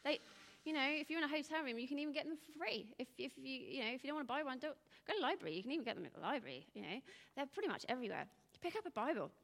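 Woman, 30s, rambling animated speaker, slightly high with gravelly edges, reverberant hall. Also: very fast, hardly any pauses. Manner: rambling, animated storytelling with hushed asides. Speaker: speaker giving a talk. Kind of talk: informal spoken talk.

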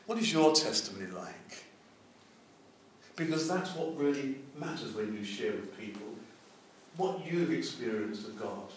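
A man's voice: medium pitch, very animated, measured pace, a little hiss or hum. An older man, telling his life story as testimony in an earnest way and acting out the dialogue. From England. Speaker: evangelist. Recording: very echoey, distant mic.

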